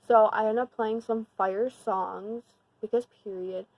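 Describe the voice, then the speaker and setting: A woman's voice: medium pitch, measured pace, no room sound, dull audio. Slangy young woman vlogger, dry sound. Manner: slangy, rambling, heavy use of "like"; animated and emphatic when retelling the scary part. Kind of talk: casual storytime.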